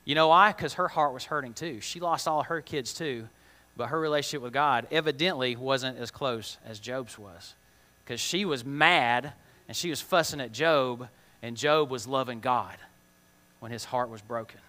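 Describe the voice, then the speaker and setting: A man's voice: medium pitch, normal speed, pushed and bright. A man teaching a children's Bible lesson in a chatty way, often asking the kids questions and using plain, slangy words. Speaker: kids' church teacher. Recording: long reverb of a large hall.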